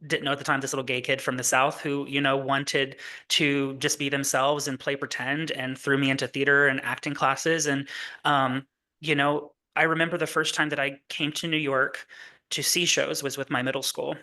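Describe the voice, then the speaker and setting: A man's voice: medium pitch, flat delivery, normal speed, sharp tone. A man from Kentucky, a guest in a casual interview, talking in a chatty, rambling way with many fillers and frequent laughs. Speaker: guest, musical writer.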